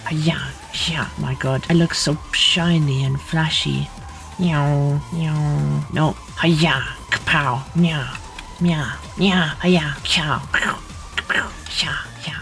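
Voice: medium pitch, fairly even intonation, slow pace, a bit bright, soft background music. A streamer giving casual gaming commentary in a playful way, often muttering whispered sound effects and repeating filler words.

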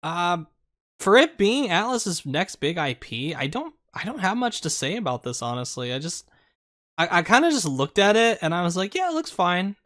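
Measured man running through a list. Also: sits high, big pitch swings, fairly bright tone. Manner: measured, plain-spoken with stammered restarts. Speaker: podcast co-host.

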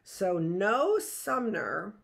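A woman's voice: medium pitch, sing-song, drawn-out words, creaky. A middle-aged woman teaching a live history lesson, reading from notes and breaking off into chatty asides and rhetorical questions.

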